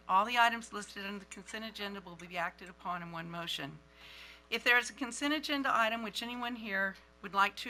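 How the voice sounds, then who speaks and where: A man's voice: high voice, pushed and bright, slight background noise, low-quality recording. A man chairing a school board meeting, reading its rules aloud in a formal, procedural way.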